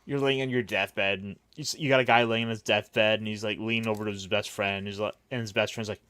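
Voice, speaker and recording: A man's voice: on the low side, steady tone, quick pace, a bit bright, clear, resonant tone, dry recording. A man hosting a casual roundtable chat, recapping with wry, mocking asides. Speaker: podcast host.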